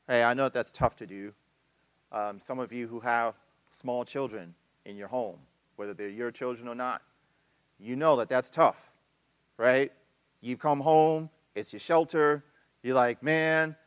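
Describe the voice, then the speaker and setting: A man preaching a sermon as pastor, talking with a casual, animated style full of asides and acted-out quotes. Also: medium pitch, unhurried, long pauses, smooth, no room sound.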